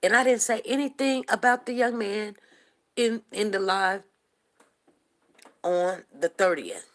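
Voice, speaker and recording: Speaking in an unhurried, mid-range voice, a woman host of a livestream show gives impassioned commentary. She is heated and emphatic, driving her points home through repetition.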